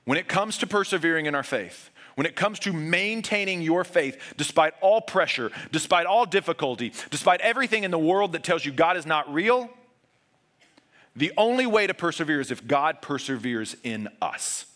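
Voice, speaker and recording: Guy preaching a sermon, bright ringing voice, earnest, goes quiet and low for the big points. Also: expressive, moderate pace. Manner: earnest, swings between raised urgent passages and hushed low emphasis. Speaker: pastor.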